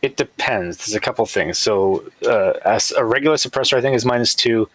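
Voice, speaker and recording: A man playing an online tabletop game, calmly explaining the rules. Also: mid-range voice, a little fast, no room sound, rough recording. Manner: easygoing, explanatory. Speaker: player, rules adviser. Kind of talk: casual game talk.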